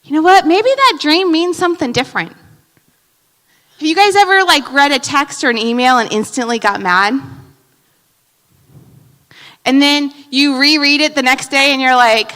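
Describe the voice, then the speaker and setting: Preaching a sermon, this woman pastor has a high, bright voice and takes her time, leaving long pauses. She moves from forceful, loud emphasis to quiet asides. The church sanctuary adds a long reverb.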